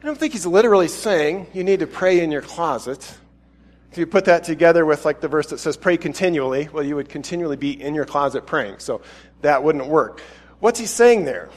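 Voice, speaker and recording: A man's voice: on the high side, lively intonation, a little fast, in a large hall. A man preaching a sermon in a casual, chatty and self-deprecating way.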